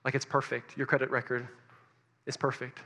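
A man preaching a sermon, telling a story that puts his listeners in it, swinging between loud urgency and hushed near-whispers. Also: medium pitch, completely flat delivery, normal speed, husky, in a large hall. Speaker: pastor.

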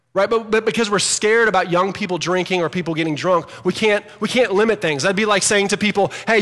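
A man preaching a sermon as pastor, animated and growing emphatic as he reads scripture aloud. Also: a little high. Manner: animated, rising to emphatic loudness when quoting scripture. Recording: long hall reverb.

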